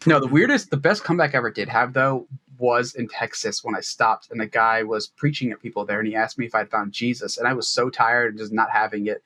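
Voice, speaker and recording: A man telling a lively anecdote in casual chat, acting out what people said. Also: mid-range voice, fast, few pauses, dry recording. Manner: lively storyteller, acts out quotes. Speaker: guest author.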